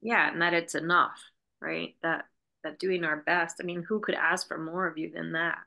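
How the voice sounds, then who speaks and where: Bright, gravelly-voiced woman in her fifties. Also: lowish voice, level tone, normal speed. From United States (New Jersey). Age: 50s. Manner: reflective and heartfelt. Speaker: guest. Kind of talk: casual interview chat.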